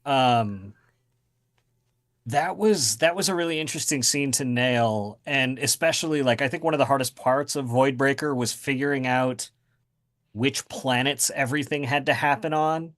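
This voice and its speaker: A man's voice: medium pitch, normal speed, a bit bright. A man speaking as a guest author in a casual interview, rambling with many fillers and restarts.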